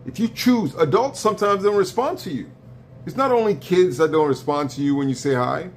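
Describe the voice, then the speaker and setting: A man hosting a live stream, lecturing bluntly with profanity and sharp swings in pitch during a heated argument. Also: animated, fairly quick, slight background noise.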